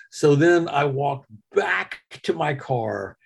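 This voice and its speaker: A man's voice: a little high, animated, takes it slowly, creaky, few pauses, breathy edge. A middle-aged man hosting a podcast, telling a story in a casual, self-mocking chat. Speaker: podcast host.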